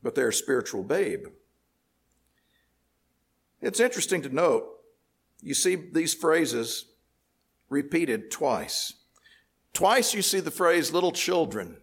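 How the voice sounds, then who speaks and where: A man delivers a sermon, walking listeners through scripture in a measured, explanatory way. His voice sits a little high, with a gravelly rasp at the edges. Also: big pitch swings. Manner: measured teaching tone, explains word by word. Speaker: preacher.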